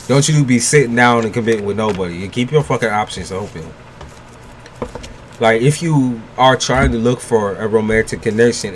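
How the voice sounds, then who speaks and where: This man, speaking at medium pitch with a little hiss or hum in the recording, does a tarot reading for livestream viewers in relaxed chat. Joking, swearing, and laughing a lot, he doesn't soften his advice; he's blunt and frank.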